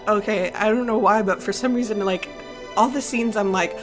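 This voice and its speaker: A woman's voice: mid-range voice, fast, soft background music. A woman hosting a let's play, commenting casually and gushing emotionally over the scenes. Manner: gushing, emotional, full of exclamations.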